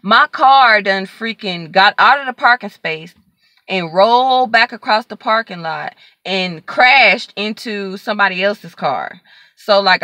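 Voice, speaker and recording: A woman's voice: medium pitch, pushed and bright, no echo. A young woman, animatedly retelling a story in casual storytime style, acting out the dialogue and using lots of fillers. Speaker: vlogger telling a story.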